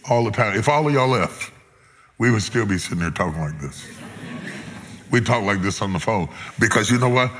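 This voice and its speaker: A middle-aged man preaching a sermon, moving between loud peaks and hushed lows. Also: expressive, normal speed, long pauses. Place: large church hall before a congregation. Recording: long hall reverb, loud crowd noise.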